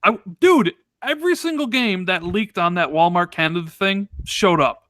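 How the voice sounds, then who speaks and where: A man co-hosting a casual gaming podcast, talking in an animated, exasperated, ranting way. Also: sits high, moderate pace, no room sound, clean studio sound. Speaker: podcast co-host.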